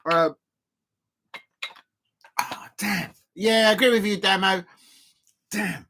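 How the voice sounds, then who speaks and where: Excitable man reacting live, bright tone. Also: high-pitched, slow pace. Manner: excitable, swings from joking to despairing outbursts. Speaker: football fan channel host. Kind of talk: live watch-along reaction.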